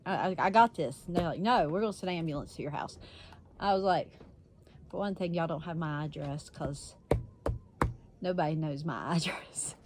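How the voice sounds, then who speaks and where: A woman's voice: low voice, normal speed, a little mellow, a little hiss or hum. A woman vlogger telling a story in a casual, blunt way, swearing freely and laughing often.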